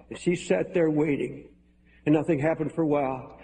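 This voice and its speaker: A man's voice: fairly high pitch, steady tone, normal speed, dark tone. Earnest older man preaching in hall. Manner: earnest, pleading. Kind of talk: sermon. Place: large hall with balcony. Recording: echoey hall, faint noise.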